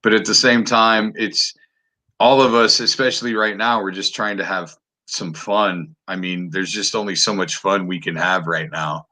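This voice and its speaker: Animated, bright-voiced man chatting on a podcast. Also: sits low, normal speed. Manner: animated, swears freely, frequent restarts. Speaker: podcast host. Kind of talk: casual chat.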